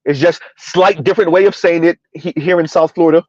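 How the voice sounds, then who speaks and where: A man's voice: on the high side, fairly even intonation, darkish tone, no room sound, lo-fi sound. A man hosting a reaction commentary, talking emphatically and sarcastically, drawing out words for effect and often tossing in a rhetorical "huh?". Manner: emphatic, sarcastic, drawn-out repetition with frequent "huh?". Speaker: commentary channel host. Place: South Florida.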